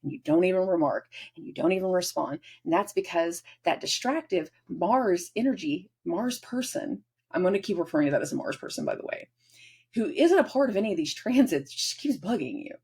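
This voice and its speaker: Husky-voiced woman giving an animated astrology forecast. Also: on the low side, a little fast. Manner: animated, acts out everyday scenes. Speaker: astrology channel host.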